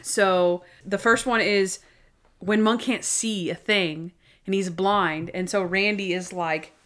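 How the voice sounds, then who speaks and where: A chatty woman talks casually as a podcast co-host, walking through favorite moments from a TV show. She keeps it loose and conversational, breaking into quick quoted lines from the scenes she describes. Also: medium pitch, fairly even intonation, a bit bright. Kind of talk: casual chat recapping a TV show.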